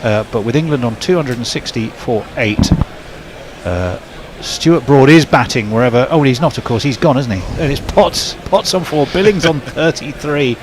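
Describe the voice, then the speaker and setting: A man's voice: medium pitch, lively intonation, normal speed, background noise. A man giving ball-by-ball cricket commentary in a chatty way, checking himself aloud.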